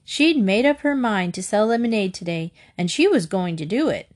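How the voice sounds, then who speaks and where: A woman narrating a children's storybook in a gentle, measured reading voice. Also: mid-range voice, animated.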